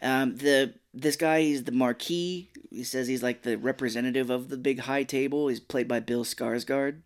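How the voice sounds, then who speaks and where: A man co-hosting a podcast, chatting casually about a film, rambling and animated. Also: medium pitch, normal speed. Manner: rambling, animated, does mock voices of film characters. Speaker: podcast co-host. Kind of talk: casual movie review chat.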